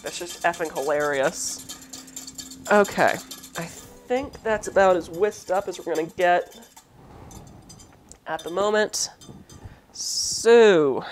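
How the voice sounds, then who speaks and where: A woman's voice: fairly low pitch, slight background noise. A woman hosting a cooking demo, chatting casually with rambling asides while she cooks, her accent a light Southern lilt mixed with Midwestern. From southern United States. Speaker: cooking show host.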